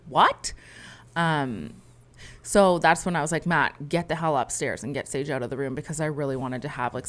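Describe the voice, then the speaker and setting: A woman in her thirties with a notably low voice talks candidly on a podcast. She tells her story in a rambling, emotional way, often pausing to restart her thoughts. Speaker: podcast co-host. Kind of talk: candid conversation.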